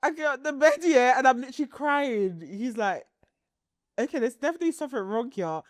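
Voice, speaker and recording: A high-voiced woman, chatting on a podcast and recounting a story with lots of laughter. Her voice sounds close and dry, with no room sound around it. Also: a little fast, no echo. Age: 30s. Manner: animated, laughs often while telling a story. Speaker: podcast co-host. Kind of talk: casual storytelling chat.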